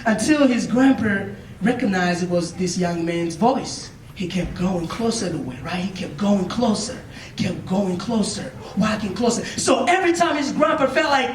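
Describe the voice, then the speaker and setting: A man's voice: high voice, expressive, normal speed, slight background noise. A man giving a motivational speech to young listeners, telling a story emphatically and with lots of repetition, often checking in with questions. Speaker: motivational speaker. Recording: echoey room, mic far off.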